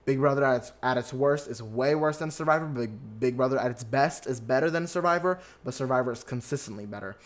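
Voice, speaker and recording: A young man hosting a podcast, recapping reality TV in a chatty, animated way and acting out his own reactions. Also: mid-range voice, quick pace, hardly any pauses. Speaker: podcast host.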